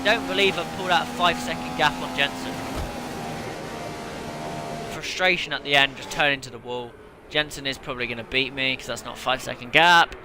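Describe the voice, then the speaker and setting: His voice is medium-pitched and steady, a little fast, with frequent pauses. The man hosts a racing game video for his gaming channel, swearing and ranting in frustration, while racing car engine sounds from the game fill the background.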